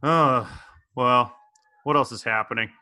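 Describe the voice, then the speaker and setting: A man in his forties hosting a podcast, chatting casually in a jokey, animated way. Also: mid-range voice, measured pace. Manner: jokey, animated, slips into impressions. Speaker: podcast host. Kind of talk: casual chat.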